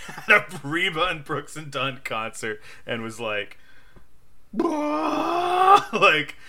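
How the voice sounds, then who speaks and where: A young man casually telling a funny story on a podcast, laughing often and acting out quotes in a loud high voice. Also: animated, a little slow, background noise. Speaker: podcast co-host.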